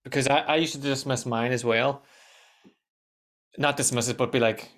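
A man hosting a casual podcast conversation, animated and swearing freely. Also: medium pitch. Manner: animated, swears, quick asides.

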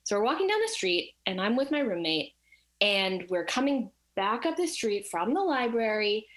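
A woman telling a personal story in casual chat, animated and acting out the voices of the people in it. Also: medium pitch, normal speed.

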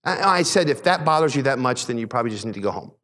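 A middle-aged man preaching a sermon, a pastor telling a personal story in a conversational, animated way. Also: long reverb tail. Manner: conversational preaching, animated retelling with quick pitch swings.

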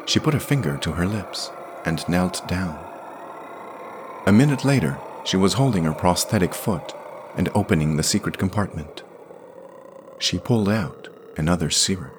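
A man narrating a scripted audio story in a measured, plain manner. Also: deep voice, animated, music in the background.

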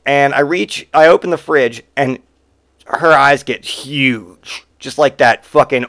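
A man's voice: mid-range voice, slow pace, creaky, fairly bright tone, no echo, clean studio sound. A man hosting a podcast, telling rambling, profane stories in a casual monologue. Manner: rambling and profane, with frequent swearing. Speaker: podcast host.

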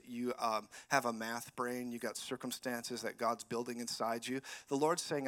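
A man preaching as a guest speaker in a church, animated and swinging between loud declarations and quiet prophetic words. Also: mid-range voice. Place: church sanctuary.

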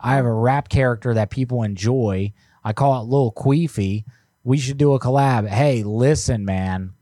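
A man co-hosts a prank call stream, his mid-range voice dark in tone and moving at a moderate pace with no room sound. He jokes and chats casually while reading out submissions from viewers.

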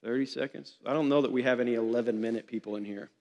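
A man preaching a sermon to his congregation, passionate and building to shouted refrains. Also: medium pitch, steady tone, rapid-fire, muffled recording. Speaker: pastor. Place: church hall. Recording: long hall reverb.

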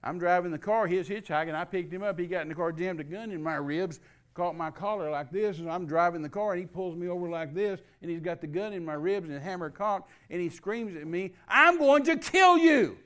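A male preacher delivers a sermon with a high, ringing voice. He is emphatic and repetitive, and he spells out key words letter by letter to drive them home. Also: brisk.

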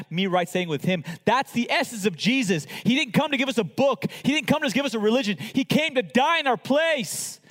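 A man preaching a sermon as pastor, swinging from loud emphatic lines to hushed near-whispers. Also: sits high, big-room sound.

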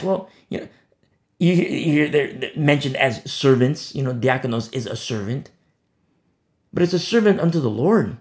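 A man preaching an expository sermon, passionate, repeating words for emphasis and swinging between loud declarations and hushed asides. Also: medium pitch, lively intonation, moderate pace. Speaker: pastor.

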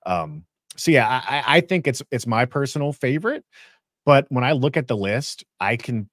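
A man co-hosting a podcast, chatting eagerly and restarting his sentences as he gets excited. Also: medium pitch, moderate pace, no echo, clean studio sound. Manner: enthusiastic, many restarts and fillers. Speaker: podcast co-host. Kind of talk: casual chat.

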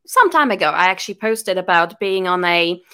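A woman's voice: on the low side, expressive, a little fast, a bit bright, clear, resonant tone. A woman chatting on a podcast as a guest business coach, telling stories animatedly and laughing often. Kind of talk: casual podcast chat.

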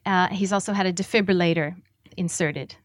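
Halting woman author at a reading. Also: on the low side, dry recording, clean studio sound. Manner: halting, with many ums and uhs. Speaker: author reading her work. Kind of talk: public book reading.

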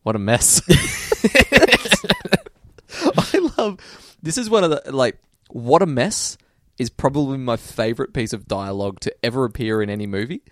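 Playful man with a lively voice. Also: medium pitch, normal speed, no echo, studio quality. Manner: playful, often breaks into quoted character voices. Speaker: podcast co-host. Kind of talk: casual chat.

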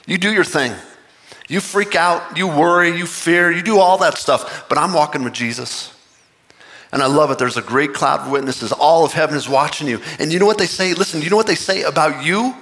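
A man preaching a sermon, impassioned and earnest, with excited rising bursts. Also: on the high side, fairly quick, in a large hall. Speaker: pastor.

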